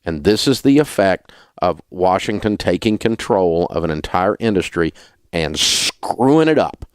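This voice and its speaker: A man's voice: low voice, lively intonation, a little slow, smooth, no room sound, clean studio sound. A middle-aged man hosting a talk radio show, ranting in an indignant, sarcastic way. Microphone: studio mic.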